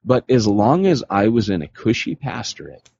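A man co-hosting a podcast, telling stories in a casual, animated way and slipping into voices for the people he quotes. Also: fairly low pitch, normal speed, vocal fry, breathy edge, no room sound. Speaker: podcast co-host. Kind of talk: casual storytelling conversation. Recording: dull lo-fi podcast audio.

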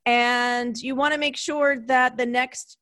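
A woman's voice: high-pitched, little pitch movement, slow pace, a bit bright. A woman hosting a podcast, chatting enthusiastically with many fillers and restarts. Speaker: podcast host. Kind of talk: casual podcast chat.

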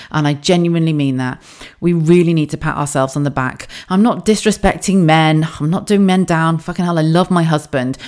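A woman's voice: low voice, a little mellow. A woman in her forties hosting her own podcast, talking frankly and swearing freely, laughing easily as she chats. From United Kingdom. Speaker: podcast host. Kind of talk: solo podcast monologue.

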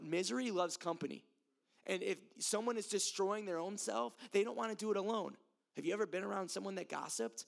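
A man's voice: high-pitched, vocal fry. A young man from the United States giving a casual, earnest sermon, talking straight to his listeners and laughing at himself now and then. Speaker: youth preacher.

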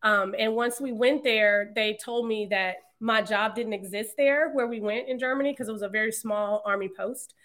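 A woman in her thirties, a podcast guest, telling her story in a casual, animated way and laughing often. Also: on the high side, normal speed, hardly any pauses. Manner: animated, laughs often, quotes others in lively voices. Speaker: podcast guest, marketing entrepreneur.

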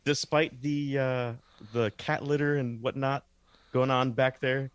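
Male co-host, middle pitch, dry close sound, easygoing. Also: level tone, measured pace, clean tone, no echo. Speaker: podcast co-host. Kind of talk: casual chat.

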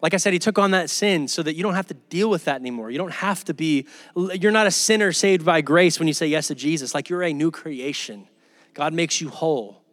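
A man's voice: a little high, a little fast, fairly bright tone, no echo, studio quality, soft background music. A man preaching a sermon to his church in a casual, conversational way, acting out the people in his stories. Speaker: pastor.

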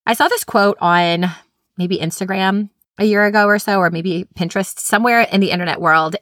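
A woman's voice: mid-range voice, fairly bright tone, dry recording, clean studio sound. A woman, hosting an upbeat, chatty teaching podcast. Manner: enthusiastic, chatty. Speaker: podcast host, literacy specialist.

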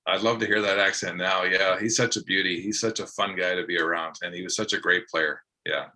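A man's voice: low-pitched, fairly even intonation, brisk, bright, forceful tone. A man, a guest and former broadcaster, telling fond stories in a loose, rambling way full of fillers. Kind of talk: casual interview chat.

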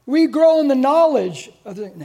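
A man's voice: very high voice, lively intonation, normal speed, gravelly, warm tone. A man preaching a sermon to a congregation in a church, conversational and playful, often asking the room questions. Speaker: pastor.

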